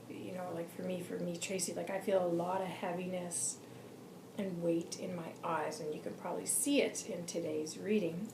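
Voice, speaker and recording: Hoarse, chatty woman vlogging in an echoey room. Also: fairly low pitch, flat delivery, moderate pace. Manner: chatty, with frequent "like" and "you know". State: scratchy, hoarse, fatigued voice. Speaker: intuitive channeler and vlog host. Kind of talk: casual vlog monologue. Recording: echoey room with background noise.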